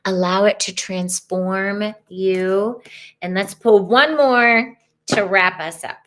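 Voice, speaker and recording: A woman with a soft, earnest manner, giving a live spiritual tarot reading. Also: medium pitch. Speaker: tarot reader.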